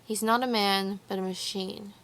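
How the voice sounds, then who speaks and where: A woman reading the part of a proud young noblewoman who speaks with sharp, mocking irony. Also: mid-range voice, fairly even intonation, moderate pace, a little hiss or hum, natural voice.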